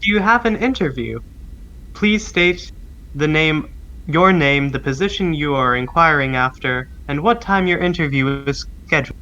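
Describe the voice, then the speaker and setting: A man's voice: fairly high pitch, animated, normal speed, sharp tone, highs cut off. A man voicing an automated building receptionist AI that greets visitors in a formal, scripted way. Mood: prompting.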